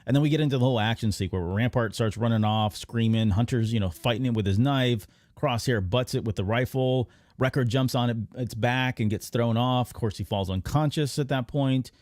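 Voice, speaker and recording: A man hosting a podcast, casually recapping an animated episode in a rambling way. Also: mid-range voice, fairly quick, few pauses, no echo, clean studio sound. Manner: rambling recap with many fillers and restarts. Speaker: podcast host. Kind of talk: casual episode breakdown chat.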